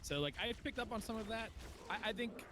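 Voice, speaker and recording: A man's voice: sits high, lively intonation, a little fast, background noise. A man from northeastern Pennsylvania with a local accent, rambling and swearing in a casual chat as podcast co-host. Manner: rambling, swears, laughs easily. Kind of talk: casual chat while gaming.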